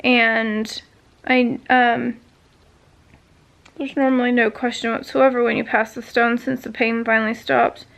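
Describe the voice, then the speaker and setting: Creaky-voiced woman vlogger telling a story. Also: on the high side, fairly bright tone. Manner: rambling storytelling with many fillers. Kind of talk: casual chat.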